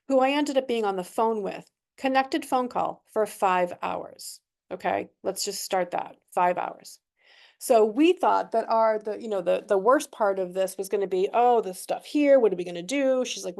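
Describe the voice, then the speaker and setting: A middle-aged woman telling a true work story in a training session, animated and swearing, acting out what people said. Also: medium pitch, gravelly. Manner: animated, swearing, acts out quoted voices. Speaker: real estate agent.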